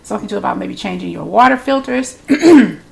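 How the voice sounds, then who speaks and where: A tarot reader with a congested, mid-range voice talks fast with vocal fry. She gives a chatty, loose spiritual reading directly to her viewers, repeating herself.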